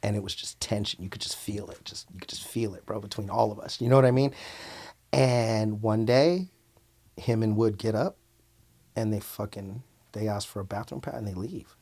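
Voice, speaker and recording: A man telling a story in casual, animated, profanity-heavy slang as an interview guest. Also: on the low side, moderate pace.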